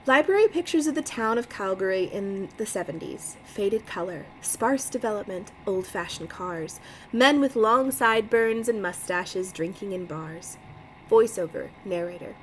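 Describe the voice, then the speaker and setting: A woman's voice: medium pitch, animated, measured pace, slight background noise, low-quality recording. A woman reading a mystery novel aloud on a livestream, chatty, laughing often and breaking off to comment. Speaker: livestream book reader. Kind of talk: casual read-aloud livestream.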